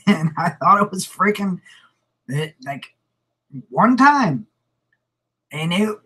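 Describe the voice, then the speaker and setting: A man's voice: fairly high pitch, bright, forceful tone, breathy edge, poor audio. A man, vlogging and telling a rambling personal story, repeating words and laughing as he goes. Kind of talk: casual storytelling to camera.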